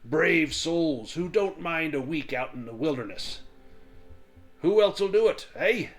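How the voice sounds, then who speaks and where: A man's voice: fairly high pitch, animated, unhurried, faint music behind, pitched above the performer's own voice. A man voicing a greedy, boastful male dwarf treasure-seeker who talks in a brash, swaggering way. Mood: boisterous.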